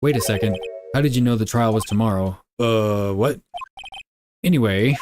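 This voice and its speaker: A man's voice: on the low side, fairly quick, a little mellow, slight background noise. Joking young man streaming a game. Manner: joking, crude asides. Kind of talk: live game playthrough, reading dialogue aloud.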